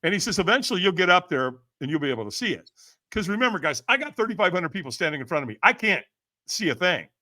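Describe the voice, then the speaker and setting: A man's voice: high-pitched, quick pace. A man telling a story animatedly in casual speech, acting out the voices of others and laughing often. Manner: lively, acts out quoted voices, laughs often. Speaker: podcast guest, firewalk trainer.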